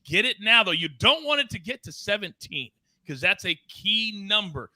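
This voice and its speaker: Male sports host, high, very bright voice, dry close sound, bouncy hype delivery. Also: sing-song, normal speed, no echo. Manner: loud, playful, swings up and down in pitch. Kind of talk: energetic sports betting show banter.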